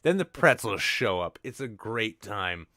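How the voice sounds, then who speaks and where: A man's voice: on the low side, sing-song, measured pace, sharp tone, no echo. A man hosting a podcast, telling crude jokey stories in casual banter. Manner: crude joking storyteller. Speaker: podcast host.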